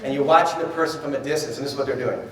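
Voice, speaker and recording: A man giving a live motivational seminar talk, animated, acting out little dialogues and quizzing the crowd. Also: medium pitch, a little hiss or hum. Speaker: motivational trainer. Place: large event hall. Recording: echoey hall from far off.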